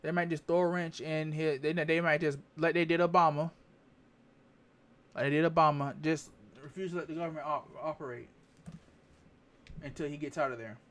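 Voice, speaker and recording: Man, fairly high voice, casual rambling political vlog take that circles back on itself. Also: fairly even intonation, normal speed, pauses often, a bit bright. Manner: rambling, repeats phrases, stops to check facts. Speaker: vlogger. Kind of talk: candid political commentary.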